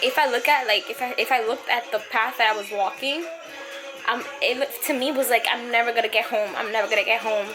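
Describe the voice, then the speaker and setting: A young woman vlogging about her anxiety, halting and emotional, with many fillers and pauses. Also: a little high. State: anxious and upset. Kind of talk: personal vlog confession. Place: outdoors on a city street. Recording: loud street and traffic noise.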